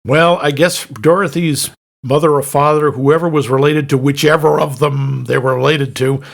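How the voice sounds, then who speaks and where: A man co-hosting a podcast in casual movie chat, enthusiastic and quick to laugh while sharing trivia. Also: fairly high pitch, steady tone, vocal fry. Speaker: podcast co-host.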